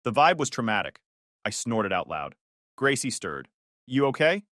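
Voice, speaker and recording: A man's voice: on the low side, very animated, moderate pace, bright, forceful tone, no echo. A man narrating a first-person family story with sarcastic, dry humor.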